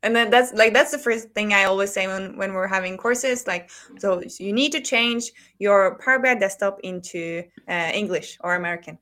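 A woman's voice: medium pitch, moderate pace, sharp tone. Woman hosting a podcast, rambly casual chat, laughs a lot. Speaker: podcast host.

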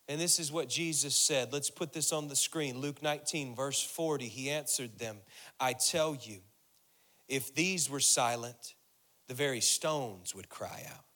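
A man's voice: mid-range voice, moderate pace, sharp tone. A man preaching a sermon, repeating phrases for emphasis and building intensity as he reads and explains scripture. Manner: preaching with rising intensity, voicing Jesus' words. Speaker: pastor.

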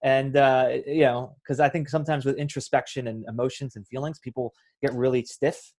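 A man's voice: mid-range voice, fairly quick. Playful man explaining mindfulness. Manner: playful, animated, drops to soft reflective tone. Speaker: mindfulness guest. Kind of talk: casual conversational explanation.

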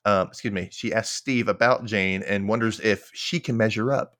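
A man's voice: lowish voice, steady tone, moderate pace, a bit bright. A man hosting a casual recap podcast, acting out characters' lines in exaggerated voices. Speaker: podcast host.

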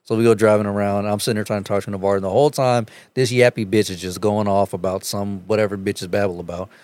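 A young man bluntly retelling a story in casual chat, crude and animated. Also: lowish voice, fast, no echo.

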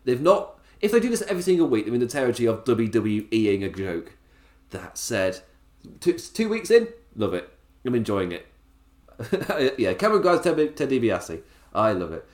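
A man reviewing a wrestling show in a casual solo podcast, chatty, enthusiastic and quick to laugh. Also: medium pitch, big pitch swings, a little mellow. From England.

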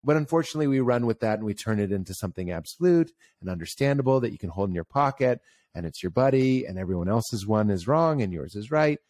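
Animated man with a dry sound. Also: fast, few pauses, no room sound. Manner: animated storytelling, jumps up in pitch for emphasis, acts out quoted voices. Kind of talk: casual conversation.

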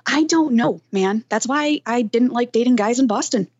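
Woman podcast guest, higher voice, laughs a lot, muffled lo-fi recording. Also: normal speed. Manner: lively, laughs often, swears casually. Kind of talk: casual podcast chat. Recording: dull, lo-fi sound.

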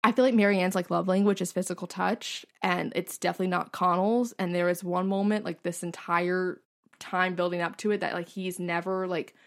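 Young female podcast co-host; chatty, gushing, animated storytelling. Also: fairly low pitch, fairly quick. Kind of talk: casual chat.

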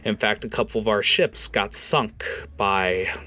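A scheming smuggler boss with a sly edge, voiced by a man running a tabletop game. He bargains in a low, unhurried tone that carries a quiet threat. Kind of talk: voicing a character in a tabletop game.

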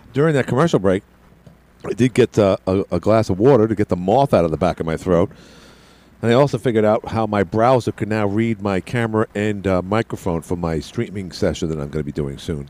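A man's voice: on the low side, mellow. A middle-aged man hosting a call-in radio show, rambling along and often stammering and repeating his words. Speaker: radio talk show host.

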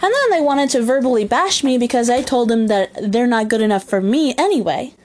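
Her voice is a little high and a little mellow, and she talks animatedly at a slightly fast clip. She's a young adult podcast host with a youthful, girlish sound, laughing frequently as she rambles in a casual solo chat from home.

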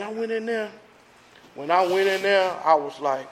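Earnest man with a high voice. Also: moderate pace, a little hiss or hum. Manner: animated, earnest, acts out voices. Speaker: recovery speaker sharing his story. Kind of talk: storytelling share at a recovery meeting. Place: meeting room.

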